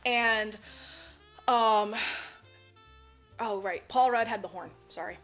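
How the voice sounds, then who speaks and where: A woman's voice: mid-range voice, slow pace, a bit bright, soft background music. Casual rambling woman recapping a film. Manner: rambling, full of "like" and swearing. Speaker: podcast co-host.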